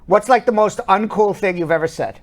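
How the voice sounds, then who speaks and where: A man's voice: sits high, a little fast, a crowd in the background. A man in his fifties hosting a live studio stream, chatting and teasing his co-hosts in a playful way. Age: 50s. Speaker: host. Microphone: wired studio mic.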